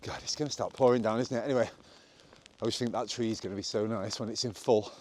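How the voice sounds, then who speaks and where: A man's voice: fairly low pitch, fairly even intonation, quick pace, darkish tone, a little hiss or hum. A man vlogging on a country walk outdoors, chatty and self-mocking, filmed on a handheld camera while walking. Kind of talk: rambling walk-and-talk vlog.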